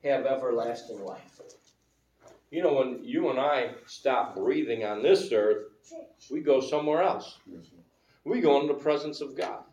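A man's voice: medium pitch, measured pace, pauses often, darkish tone, highs cut off. A male pastor preaching a sermon in a conversational way, asking the congregation questions. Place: church sanctuary. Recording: roomy church hall, mic at a distance.

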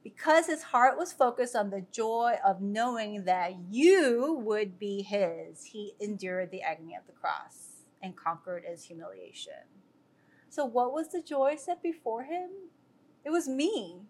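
A woman's voice: a little high, animated, measured pace. A woman earnestly sharing a personal faith testimony with viewers, talking loosely with many fillers and restarts. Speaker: speaker sharing a devotional.

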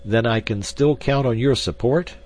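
A man reading an audiobook, voicing an earnest, insistent male suitor who speaks deliberately. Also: on the low side, expressive, a little mellow, voice pushed up. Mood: persuasive.

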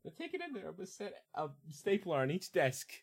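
Animated young man, laughing as he talks. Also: high voice, a little fast, slightly rough. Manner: laughs through his stories, swears a lot. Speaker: podcast co-host. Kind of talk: casual chat.

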